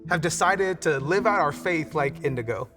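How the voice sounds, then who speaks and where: A man's voice: a little high, animated, moderate pace. Man, pastor, storytelling sermon, many restarts, reverberant hall, music underneath. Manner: conversational storytelling with frequent restarts. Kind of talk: online church sermon.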